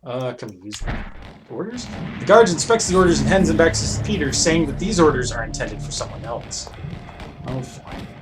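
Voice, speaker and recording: Guy doing a casual let's play, reads the game text out, dry jokes, game music going clearly behind him. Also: a little high, sing-song, moderate pace. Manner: wry, joking asides between read-outs. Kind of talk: casual gameplay commentary, reading in-game text aloud.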